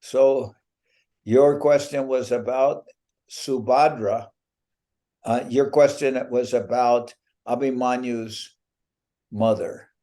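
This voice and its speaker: A man's voice: medium pitch, steady tone, warm tone. A man, a spiritual teacher, chatting and joking with devotees over a video call, teasing them and drawing out his punchlines. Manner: playful teasing, drawn-out punchlines. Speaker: spiritual teacher giving a talk.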